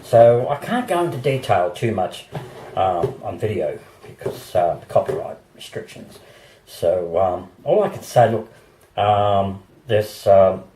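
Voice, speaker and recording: A man with an Australian accent, hoarse and losing his voice, chatting in a rambling vlog with many ums and little laughs. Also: lowish voice, expressive, unhurried, warm tone. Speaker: vlogger. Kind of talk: casual vlog chat. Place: walking outdoors. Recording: outdoor background noise.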